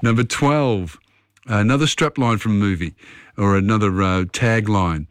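A man hosting a radio quiz, reading questions briskly with quick asides. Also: fairly low pitch, no echo, studio quality. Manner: brisk, friendly quizmaster, quick asides and fillers. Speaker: radio host. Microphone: studio microphone.

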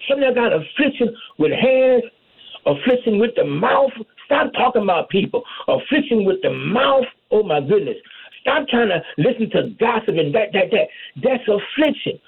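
A man's voice: high voice, big pitch swings, moderate pace, gravelly, husky. A man preaching a fervent sermon, calling out amen and hallelujah as he goes. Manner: call-and-response preaching, repeats amen and hallelujah. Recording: tinny phone-line radio broadcast.

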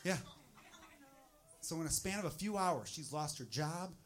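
A man's voice: on the high side, expressive, a little slow. A male stand-up comedian telling a profane, worked-up story on a club stage.

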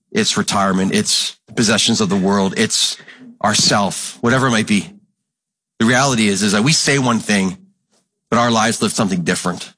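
A man's voice: pushed and bright, slightly rough. A man preaching a sermon, earnest and impassioned, repeating phrases for emphasis and acting out Bible dialogue in a raised voice. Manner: acts out Bible exchanges in a raised, higher voice. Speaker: pastor.

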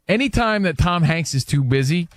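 Male radio co-host, eager storyteller, a bit high-pitched, dry studio sound. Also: expressive, moderate pace, no echo. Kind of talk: casual radio chat.

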